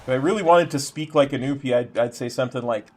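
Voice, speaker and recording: A man's voice: mid-range voice, fast talker. A young Canadian man with a Canadian accent chatting casually while streaming a game, rambling with lots of ums and restarts. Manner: rambling, many fillers and restarts. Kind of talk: casual chat while gaming.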